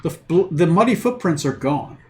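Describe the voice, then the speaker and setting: A man's voice: on the high side, animated, fairly quick, warm tone. A man acting as game master for a tabletop game, narrating loosely with many fillers and restarts. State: has the hiccups.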